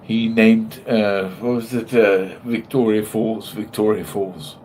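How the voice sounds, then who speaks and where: A man from South Africa calling in, hesitant and halting as he searches for words. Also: lowish voice, steady tone, a little mellow, slight background noise. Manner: hesitant, many uh fillers, restarts. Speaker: caller. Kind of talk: casual group chat.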